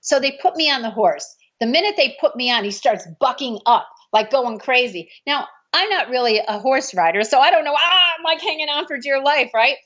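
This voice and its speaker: High-pitched, expressive and fairly bright, this woman barely pauses as she moves at a moderate pace through a story from a film shoot. As a martial arts film actress, she mimics other people's remarks, on a dull lo-fi recording.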